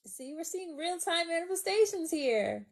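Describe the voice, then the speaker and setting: A woman's voice: very high-pitched, big pitch swings, normal speed. A woman talking as a guest in a casual live chat, chatty and full of fillers.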